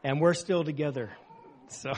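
An older man, a visiting preacher, opening his sermon in a relaxed, chatty way. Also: fairly high pitch, a little hiss or hum.

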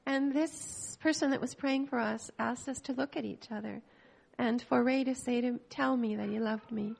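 An older woman from Canada giving a heartfelt, emotional church testimony, pausing and restarting as she speaks. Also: fairly high pitch, fairly even intonation, gravelly, a little mellow, husky.

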